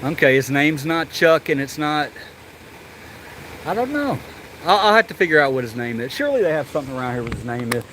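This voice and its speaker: A man's voice: on the high side, big pitch swings, fairly quick, a little hiss or hum, low-quality recording. Chatty man vlogging at a zoo. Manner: chatty, joking, swears and yells animal names. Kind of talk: casual vlog walkthrough. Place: outdoors at a zoo.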